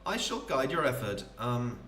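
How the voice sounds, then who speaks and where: A man's voice: mid-range voice, very animated, moderate pace, a bit bright, echoey room, far from the mic. A man voicing a pompous, flamboyant vagrant poet with grand, theatrical phrasing. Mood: lofty.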